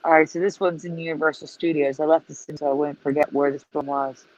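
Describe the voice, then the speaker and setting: A woman's voice: low voice, fairly even intonation, fast talker, darkish tone. A woman co-hosting a casual livestream chat, explaining pictures and asking viewers questions. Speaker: co-host. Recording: dull lo-fi stream audio.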